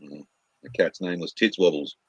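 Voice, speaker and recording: A man's voice: deep voice, steady tone, moderate pace, slightly rough, no echo. A man telling crude jokes in casual chat, swearing freely. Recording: dull lo-fi stream audio.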